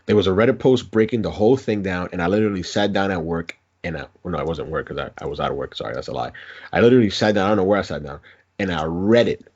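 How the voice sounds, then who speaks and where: Chatty guy w/ a husky voice, dull lo-fi podcast sound. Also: sits low, fast talker, a little mellow. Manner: chatty, self-correcting storyteller. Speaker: podcast co-host. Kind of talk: casual chat.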